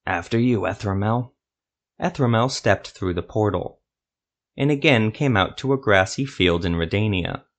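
Male storyteller, lowish voice, steady measured fantasy narration.

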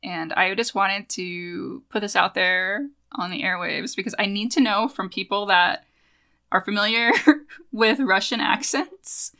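A woman's voice: mid-range voice, a little slow, pushed and bright. A woman co-hosting a podcast, chatting casually and animatedly, laughing often and trailing off mid-thought. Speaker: podcast co-host. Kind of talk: casual chat.

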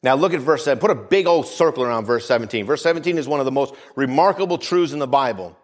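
A man preaching a sermon with emphasis, repeating phrases, dropping low and quiet for weight, and calling out for the congregation's amens. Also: fast. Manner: emphatic, repeats phrases, calls for "Amen?" responses.

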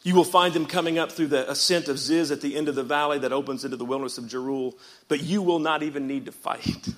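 A man pastor preaching a sermon in church, swinging from quiet reading up to shouted, rhythmic repeated phrases and calling out to the congregation. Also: fairly high pitch, quick pace. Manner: calls out to the congregation.

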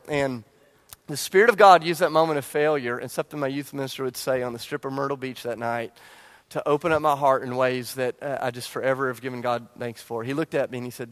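A man's voice: mid-range voice, steady tone, fast talker, a bit bright. A man in his forties preaching to a church congregation, telling a personal story with self-deprecating humor and frequent restarts. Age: 40s. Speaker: pastor. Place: church service before a congregation.

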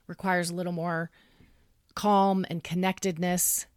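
A woman in her thirties talking in a podcast, explaining calmly and earnestly and acting out what she would say to her child. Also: on the low side, a little slow, smooth, dry recording, clean studio sound. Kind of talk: conversational podcast talk.

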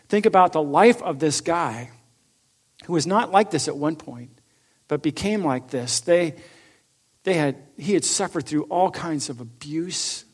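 A man preaching a sermon, reading scripture aloud with rising force and then explaining it in a lower, conversational tone. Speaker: pastor.

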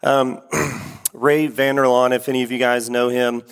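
A man's voice: mid-range voice, flat delivery, unhurried, clear, resonant tone. A man preaching a sermon as pastor, talking casually with fillers and restarts, then reading scripture. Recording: echoey hall.

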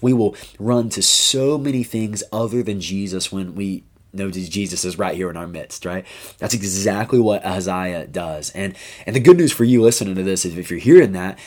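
A man who is a high school youth pastor, talking through a Bible chapter in an upbeat, chatty podcast style full of asides. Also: a little mellow. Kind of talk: casual devotional podcast talk.

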